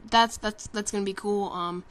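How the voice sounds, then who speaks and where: A woman's voice: mid-range voice, steady tone, moderate pace. A tired woman giving casual, rambling commentary over a game trailer, full of ums and self-corrections. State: tired, sleepy. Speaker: gaming commentator.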